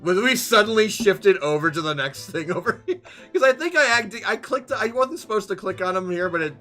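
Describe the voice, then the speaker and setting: A man's voice: sits high, expressive, brisk, sharp tone, faint music behind. A man giving casual, joking commentary while playing a game, sometimes swearing. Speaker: let's play streamer.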